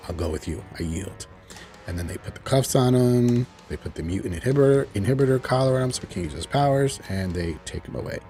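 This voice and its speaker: A man's voice: medium pitch, lively intonation, fast, few pauses, dark tone, soft background music. A man giving a casual, chuckling recap of a TV episode as he loosely paraphrases its dialogue. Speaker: TV show reviewer.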